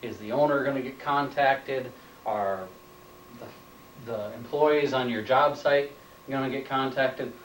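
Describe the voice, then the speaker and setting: In this training lecture, a man of medium pitch speaks at a measured pace, plainly stating points and repeating them back as questions. The instructor was recorded indoors by a distant camera mic, so the sound is roomy and off-mic with slight background noise.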